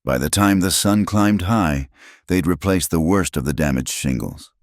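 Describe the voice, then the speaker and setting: A man telling a western tale in slow, measured narration. His voice is extremely low and gravelly. The sound is close and dry. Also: no room sound. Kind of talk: scripted narration.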